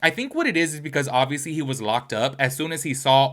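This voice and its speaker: A man hosting a gossip commentary video, chatty and animated as he gives his opinions. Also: medium pitch, fast, hardly any pauses. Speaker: commentary channel host.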